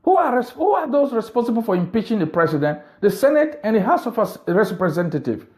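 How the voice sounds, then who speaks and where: A man's voice: high voice, big pitch swings, fast talker. A man giving an impassioned political monologue, indignant and full of rhetorical questions. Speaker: political commentator.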